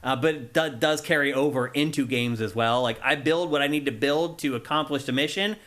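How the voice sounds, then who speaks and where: A man's voice: medium pitch, fairly quick, a bit bright. A man co-hosting a gaming podcast, chatting casually and enthusiastically, often laughing. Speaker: podcast co-host.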